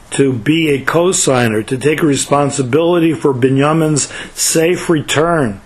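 A man giving a slow, measured Torah lecture that rises in emphasis. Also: on the high side, low-quality recording. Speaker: Torah teacher.

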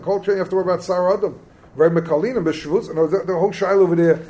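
Man, fairly high voice, Talmud class lecture, explanatory, Hebrew terms, questions to students. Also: darkish tone. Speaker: Torah teacher.

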